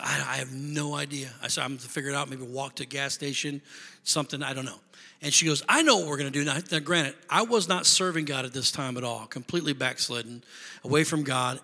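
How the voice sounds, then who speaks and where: A man preaching a sermon, telling a story in an animated way, swinging from quiet asides to loud praise. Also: a little high, in a large hall. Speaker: pastor.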